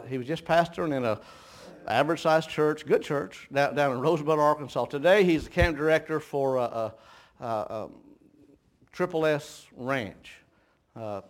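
A man with a mid-range voice preaches a folksy sermon full of homespun stories, chuckling often and stumbling over repeated words.

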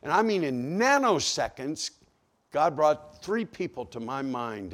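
A man preaching a sermon, telling a story with acted-out dialogue and swinging from hushed to loud. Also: a little high, sing-song, a little slow. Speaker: pastor.

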